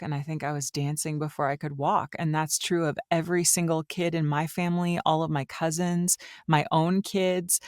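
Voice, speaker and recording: Smooth-voiced woman guest telling stories. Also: deep voice, no echo, clean studio sound. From Switzerland. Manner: chatty, storytelling. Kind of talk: casual interview chat.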